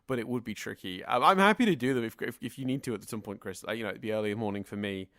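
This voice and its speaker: A man's voice: fairly low pitch, quick pace, fairly bright tone, no room sound, clean studio sound. A man co-hosting a podcast, talking in long, rambling sentences in a casual discussion. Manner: chatty and rambling, talks in long winding sentences. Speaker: podcast co-host.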